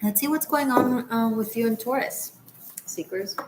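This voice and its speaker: A woman's voice: a little high, moderate pace, slight background noise, poor audio. A woman from Israel hosting a tarot livestream, chatting casually with viewers in a rambling, laughing way. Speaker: tarot reader and livestream host.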